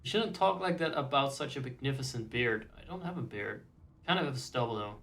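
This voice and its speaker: A male game streamer rambling through casual commentary, joking and swearing as he plays. His voice is mid-pitched, and his sentences often trail off quietly. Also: lively intonation, fairly quick, vocal fry, a little hiss or hum.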